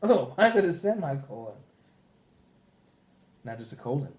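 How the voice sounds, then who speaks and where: A man's voice: fairly high pitch, very animated, normal speed, darkish tone. A man hosting a podcast, ranting casually and profanely, with mock voices for the people he quotes. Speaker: podcast host. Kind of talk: casual chat.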